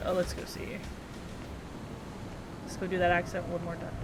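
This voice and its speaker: A woman's voice: fairly low pitch, completely flat delivery, moderate pace, long pauses. A woman streaming a video game, chatting casually and playfully, swearing now and then and reading dialogue aloud. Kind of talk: casual chat while playing a video game. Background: game music.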